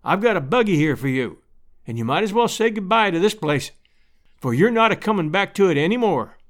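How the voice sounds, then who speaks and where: A man's voice: sits high, very animated, brisk. A man voicing a kind, jovial returned westerner with folksy rural speech in a storybook reading. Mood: warm.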